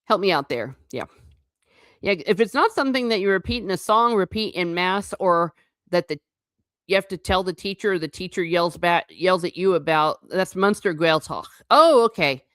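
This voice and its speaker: A woman hosts a relaxed livestream and talks in a rambling, chatty way, often breaking into laughter and correcting herself. Her voice sits low for a woman. The sound is close and dry, with no room echo at all. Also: normal speed. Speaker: livestream host; former teacher. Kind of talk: casual livestream chat reading comments.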